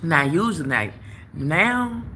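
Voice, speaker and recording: A young woman hosting a livestream, telling a story in a casual, animated way straight to her viewers. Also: deep voice, slow pace, slight background noise. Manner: animated, talks straight to viewers, lots of "like" and "you know". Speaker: tarot reader and livestream host. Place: outdoors at work, phone livestream.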